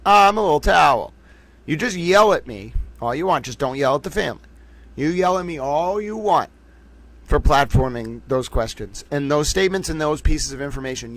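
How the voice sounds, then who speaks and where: A male livestream host talks with fervent conviction, hammering points through repetition and pointed rhetorical questions. His voice sits slightly above the usual male pitch, and his commentary swings between forceful appeals and quieter asides.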